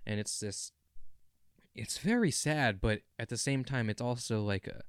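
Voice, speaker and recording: A man's voice: medium pitch, unhurried, clean tone, dry recording, clean studio sound. A young man co-hosting a podcast, talking in an earnest, rambling and emotional way. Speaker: podcast co-host. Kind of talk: casual chat.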